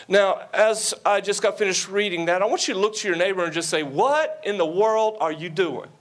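A man's voice: high voice, a little fast, hardly any pauses. Folksy Southern preacher man. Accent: Southern American. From American South. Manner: folksy, joking asides, rising to emphatic preaching. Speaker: guest pastor. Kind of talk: sermon. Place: church sanctuary before a congregation.

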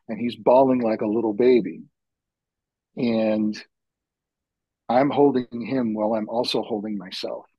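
A medium-pitched man with vocal fry and a slightly rough voice is a podcast guest, sharing earnest, heartfelt stories from his work facilitating men's retreats. His telling is reflective and builds slowly, and the lo-fi audio has no room sound.

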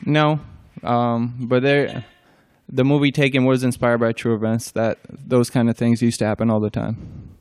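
A young man from Albania answers questions in a relaxed interview, keeping his replies short and deadpan. His voice is smooth and clear, and it is recorded close to a dry mic with no room sound. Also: moderate pace, no echo. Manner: brief, low-key deadpan answers. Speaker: guest. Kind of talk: casual interview chat.

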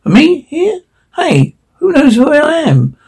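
A man voicing a brash, swaggering two-headed male alien in a storybook reading, loud and exclamatory. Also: very high-pitched, wildly swooping pitch, takes it slowly, gravelly, pitched above the performer's own voice, full character voice. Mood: startled.

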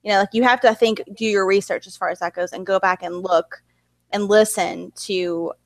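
A woman's voice: medium pitch, steady tone, a little fast, no room sound. A woman in casual chat about writing, rambling with lots of fillers. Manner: rambling, many fillers like "like" and "you know".

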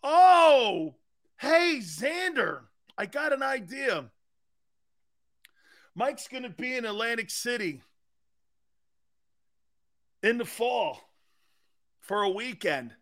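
A middle-aged man hosts a sports talk stream. His voice sits high and sounds bright and forceful. He jumps from one viewer comment to the next, joking loudly. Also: slow, long pauses. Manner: animated, joking, jumps between chat comments. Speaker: sports talk show host. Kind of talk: live-stream sports talk, reading chat.

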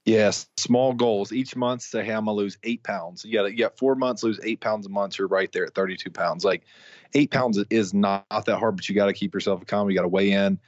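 A man co-hosting a casual sports podcast who gives quick, matter-of-fact advice. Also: fairly low pitch, steady tone, no room sound. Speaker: podcast co-host. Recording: dry, dull lo-fi audio.

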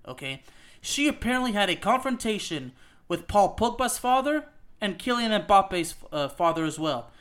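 A man with a high, fairly bright voice hosts a soccer opinion podcast, ranting emphatically. He keeps throwing in "okay?" and "you know what?" and swears a bit.

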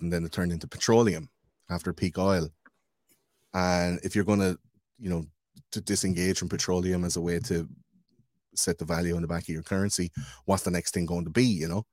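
A man hosting a podcast in casual chat, talking in a profane, rambling, animated way. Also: low voice, fairly quick, dry recording.

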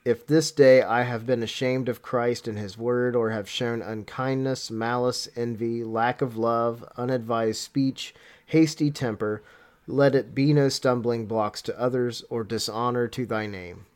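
A man hosting a podcast who is tired and sick with a cold, laughing often in chat and reading a prayer slowly and solemnly. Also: mid-range voice, fairly even intonation, a little mellow. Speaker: podcast host.

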